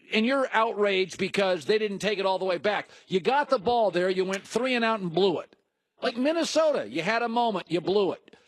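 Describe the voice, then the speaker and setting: Animated, high-voiced sports co-host. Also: male voice, dry recording. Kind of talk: heated sports debate.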